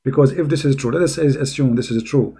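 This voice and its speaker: A man giving critical commentary on a played video clip, mocking and sarcastic, halting with many fillers. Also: mid-range voice, gravelly, dark tone, breathy edge. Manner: mocking and sarcastic, keeps calling the listener brother.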